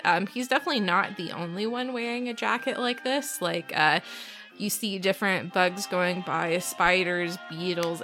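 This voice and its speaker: Bright-voiced woman game master. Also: on the low side. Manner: casual, filler-heavy narration. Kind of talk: narrating a tabletop game.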